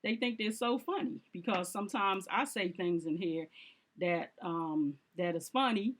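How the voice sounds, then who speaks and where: A woman's voice: medium pitch, unhurried. A woman vlogging in a casual monologue, speaking emphatically and repeating her points straight at the viewer, with informal fillers. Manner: informal, with fillers and short laughs.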